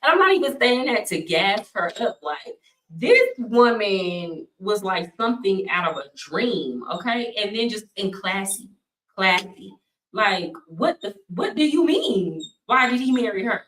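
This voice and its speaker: A woman's voice: medium pitch, very animated, unhurried, fairly bright tone, far from the mic. A woman from the United States telling stories in a casual vlog, blunt, slangy and indignant. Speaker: vlogger. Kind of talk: casual storytelling rant. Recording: echoey room, voice a bit off-mic.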